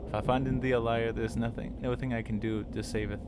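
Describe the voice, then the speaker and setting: A man's voice: medium pitch, fast talker, close to an everyday voice. A man doing a solemn old-speech talking tree. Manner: archaic stilted formal delivery. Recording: steady background noise.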